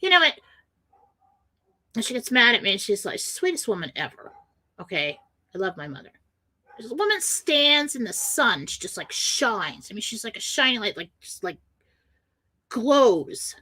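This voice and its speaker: A woman's voice: a little high, very animated, normal speed, pushed and bright, husky, rough recording. A woman hosting a spiritual radio talk show, telling a personal story with emotion and acting out the voices of the people in it.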